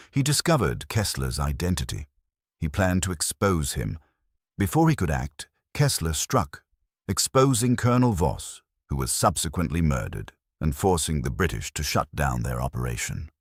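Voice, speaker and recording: A man voicing a cool, guarded middle-aged spy with a faint German accent, measured and cryptic. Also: extremely low pitch, big pitch swings, breathy edge, dry recording, studio quality, exaggerated voice. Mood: grave.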